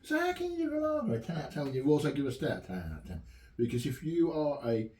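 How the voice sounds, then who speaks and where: A man's voice: on the high side, racing, far from the mic. A man from England chatting casually as he reviews home-brewed beer in his home pub shed. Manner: relaxed, chatty, enthusiastic. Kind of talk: casual chat. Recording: echoey room, mic some way off.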